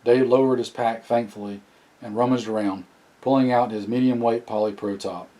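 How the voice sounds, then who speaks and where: A man narrating an audiobook in a plain, steady reading with occasional restarts. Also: mid-range voice, normal speed, poor audio. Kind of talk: scripted narration.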